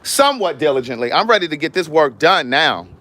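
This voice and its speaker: A man's voice: fairly high pitch, brisk. Chatty man on a livestream. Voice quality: chatty, animated, addresses viewers directly with laughs. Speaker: vlogger hosting a livestream. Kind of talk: casual livestream chat. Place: outdoors in a yard.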